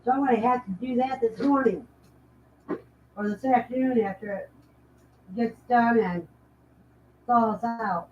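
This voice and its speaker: Woman livestream host, easygoing and slow-spoken, a touch high, muffled lo-fi audio. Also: darkish tone, slight background noise. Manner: unhurried, chatty, laughs often. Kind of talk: casual chat, reading out live comments.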